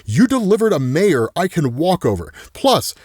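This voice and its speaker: A man voicing a smug, gleeful male villain who is obsessed with puzzles, speaking in a lower, drawn-out way. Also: very animated, darkish tone, breathy edge, dry recording, studio quality.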